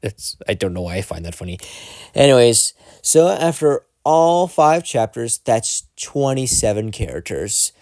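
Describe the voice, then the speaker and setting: A man's voice: medium pitch, very animated, a little slow, darkish tone, no room sound, clean studio sound. A young man giving casual, jokey fan commentary, rambling and interrupting himself as he goes. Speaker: video creator.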